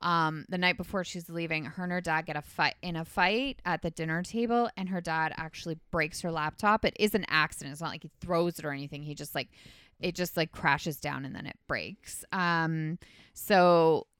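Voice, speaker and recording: A woman's voice: low voice, moderate pace, a bit bright, clean tone, no echo, clean studio sound. A woman hosting a podcast, casually retelling a movie's plot in a rambling way, full of "like" and "um". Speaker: podcast host. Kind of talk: casual movie recap chat.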